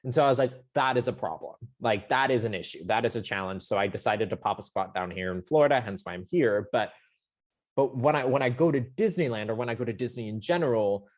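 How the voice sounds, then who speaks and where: A man's voice: mid-range voice, fast talker. A young adult man, a podcast co-host, telling a story in a casual, emotional and rambling way. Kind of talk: casual chat.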